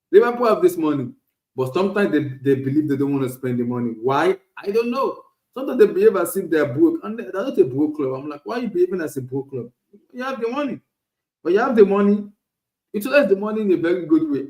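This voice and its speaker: A man hosting a casual solo football talk stream, animated and repetitive, often restarting phrases. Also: fairly high pitch, roomy sound, poor audio. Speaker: podcast host. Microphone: streaming setup.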